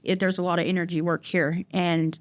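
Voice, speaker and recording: A woman's voice: lowish voice, little pitch movement, fairly quick. A woman recounting her personal story in an interview, talking in a rambling way with many fillers and restarts. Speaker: guest in recovery.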